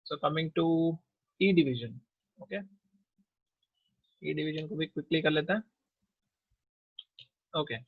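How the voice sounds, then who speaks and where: Brisk Indian teacher calling the roll. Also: male voice, on the high side, breathy edge, dry recording, phone-quality sound. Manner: brisk, mixes English and Hindi. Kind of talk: taking class attendance.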